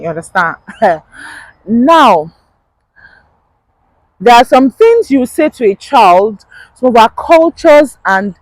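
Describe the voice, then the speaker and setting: A woman with a Nigerian accent and a fairly high-pitched voice gives casual advice in a chatty vlog, laughing often and repeating points for emphasis. The audio is poor, though there's no echo.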